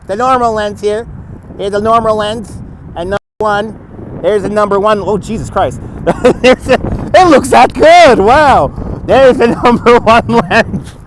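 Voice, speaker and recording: A man's voice: high-pitched, steady tone, moderate pace, a little hiss or hum, low-quality recording. A man chatting casually while walking outdoors at night, talking into a phone on a gimbal, laughing often and repeating himself. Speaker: livestream vlogger. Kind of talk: casual walking livestream chat. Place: city streets outdoors at night.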